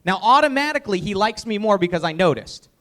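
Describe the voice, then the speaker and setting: A man presenting a live sales training workshop, energetic and emphatic, often quizzing the audience. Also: high-pitched, fast talker.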